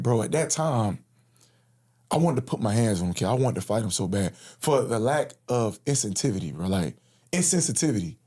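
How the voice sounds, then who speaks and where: Male interview guest, husky, very lively pitch, slangy storyteller. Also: a little fast. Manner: casual slangy, acts out quoted speech. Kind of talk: personal storytelling in conversation.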